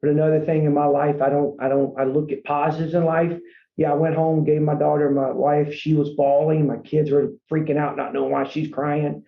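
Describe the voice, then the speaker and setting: Gravelly, a little high, and flat in delivery, this franchise company owner talks fairly quickly as a podcast guest. He recounts his story earnestly and rambles, dropping "man" again and again, with echoey, muffled lo-fi audio.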